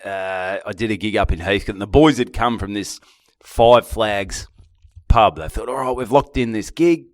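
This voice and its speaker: A man's voice: fairly low pitch, moderate pace, no room sound, clean studio sound. A man with an Australian accent, co-hosting a podcast, talking bluntly with lots of swearing and teasing. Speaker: podcast co-host, comedian. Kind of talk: casual banter.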